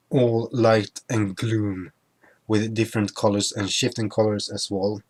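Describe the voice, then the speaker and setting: Slow, halting young man recapping a trip. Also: fairly low pitch. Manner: halting, full of restarts and self-corrections. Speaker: vlogger. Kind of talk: casual travel recap over photos.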